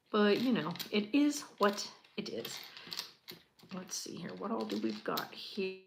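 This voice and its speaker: A woman chatting casually as she builds a Lego set. She gushes with a lot of fillers and often drops to a quiet murmur. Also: mid-range voice, wildly swooping pitch, unhurried, vocal fry, noisy background. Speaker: channel host.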